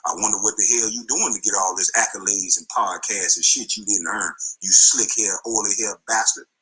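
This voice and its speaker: A man's voice: on the low side, steady tone, normal speed, pushed and bright, slightly rough, low-quality recording. A middle-aged man, a former basketball player, delivering an angry, taunting rant full of insults in a played clip.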